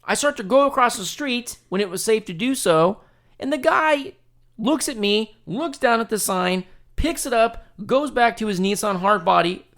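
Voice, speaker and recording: A man hosting a podcast, telling a story in a casual, profane, animated way and laughing often. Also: high-pitched, moderate pace. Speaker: podcast host.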